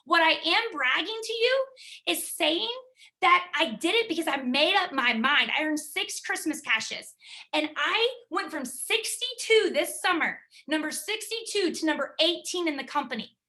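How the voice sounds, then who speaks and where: Woman pumping up her team on a video call, high voice, bright and forceful, keeps hammering the point. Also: lively intonation, moderate pace. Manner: emphatic, driving, repeats key words. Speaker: team leader giving a motivational talk. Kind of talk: motivational pep talk.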